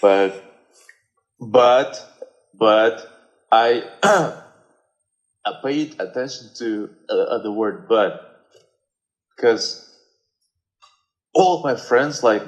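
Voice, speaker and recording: A man's voice: medium pitch, very slow, pauses often, dull audio. A man from Russia with a Russian accent, a native Russian speaker, chatting as a guest and searching for words with many fillers. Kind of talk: casual conversation.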